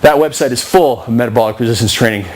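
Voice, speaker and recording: A man trainer explaining a workout circuit in casual talk, out of breath and slowing down as he demonstrates moves. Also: mid-range voice, poor audio. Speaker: fitness trainer.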